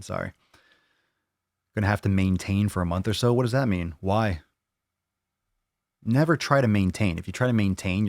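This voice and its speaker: Gravelly and low, this man's voice comes through with studio quality and no room sound. As a fitness channel host running a live Q&A, he answers viewers in blunt, opinionated rants full of profanity.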